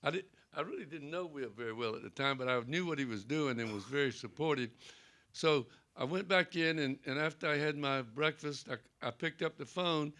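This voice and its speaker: Slightly high-pitched and fairly quick, with a sharp tone, this is an older Southern Presbyterian pastor. He's storytelling on a panel in a library event room, folksy and anecdotal, acting out each quoted exchange.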